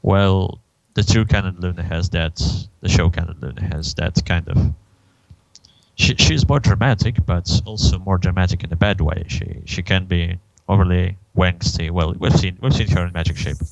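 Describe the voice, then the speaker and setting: A man with a very deep voice and a gravelly edge, co-hosting a casual podcast. He talks in a measured way, thinking aloud as he goes. The recording is dry and close. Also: fairly even intonation, no echo, highs cut off. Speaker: podcast co-host.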